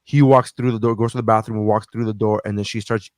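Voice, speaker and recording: A man co-hosting a podcast in casual chat, telling stories with lots of swearing and jumping into high voices for quotes. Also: quick pace, no echo, clean studio sound. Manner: animated storyteller, acts out quotes with big pitch jumps, swears freely. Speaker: podcast co-host.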